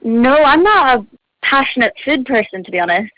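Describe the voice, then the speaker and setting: A woman's voice: fairly high pitch, big pitch swings, moderate pace, no echo. Teenage girl, bubbly, casual chat, dull phone line. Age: teens. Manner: bubbly, chatty, lots of fillers and giggles. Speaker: singer being interviewed.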